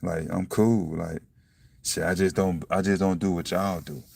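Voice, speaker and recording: A young man musing on faith in a casual, blunt, profane monologue, breaking into loud laughs and saying "you see what I'm saying" again and again. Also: low voice, fairly even intonation, a little slow, gravelly, breathy edge, no echo. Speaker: self-styled preacher vlogger. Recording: dry, from a distance to the mic.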